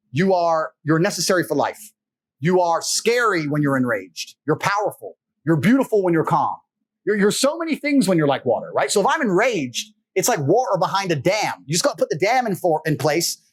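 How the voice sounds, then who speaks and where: Husky, slightly high-voiced man; blunt, profane interview guest. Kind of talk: emphatic motivational talk.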